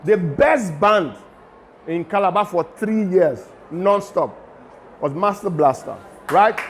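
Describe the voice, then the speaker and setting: A middle-aged Nigerian man with a Nigerian accent, giving a lively lecture to students and mixing in pidgin asides. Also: high-pitched, takes it slowly, a little hiss or hum. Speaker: guest lecturer.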